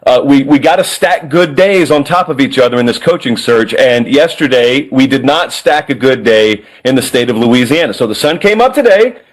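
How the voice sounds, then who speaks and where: A man giving wry, animated college football analysis on a sports talk show. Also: mid-range voice, rough recording. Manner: wry, animated, fast-talking.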